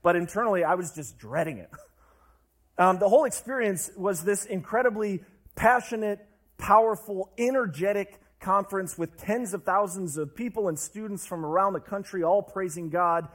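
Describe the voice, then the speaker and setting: A young man delivers a personal testimony sermon in a relaxed, joking way, laughing at himself now and then. His voice sits a little higher than most men's. He talks like he is chatting with the congregation. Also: moderate pace. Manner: conversational and self-deprecating, with frequent laughs and fillers.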